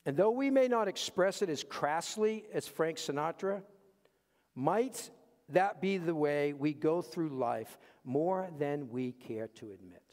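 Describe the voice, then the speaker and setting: A man with a notably high voice preaches to his church. He leans hard on repeated phrases and swings from hushed asides to raised, pointed lines. His words ring out with the long reverb of a big sanctuary. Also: expressive, unhurried. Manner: emphatic, repeats key phrases, swings between quiet asides and raised punchlines. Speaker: pastor. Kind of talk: sermon. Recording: long reverb of a large hall.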